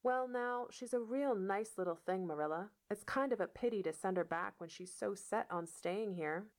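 A woman voicing a shy, gentle older farmer who speaks haltingly and stammers. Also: medium pitch, pitched above the performer's own voice, lightly acted. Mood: hesitant. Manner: hesitant, stammering.

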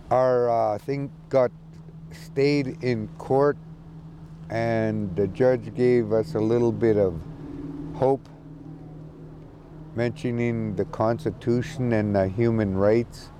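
A man giving a casual, halting spoken report from an outdoor camp, with many restarts. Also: medium pitch, warm tone, a little hiss or hum. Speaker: community advocate calling in from a camp. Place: outdoor encampment.

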